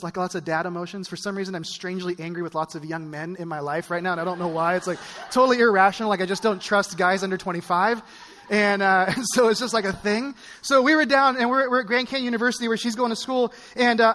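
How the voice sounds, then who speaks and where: Male pastor, 40s, high register, casual storytelling sermon with fillers, church hall echo. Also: pushed and bright. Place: church auditorium. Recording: long reverb of a large church hall.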